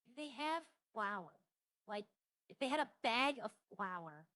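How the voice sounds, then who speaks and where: A woman's voice: a little high, sing-song, unhurried, bright, forceful tone. A young woman streaming a roleplay game, chatting casually to herself as she browses and lists things she sees. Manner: muses aloud, listing items as she browses.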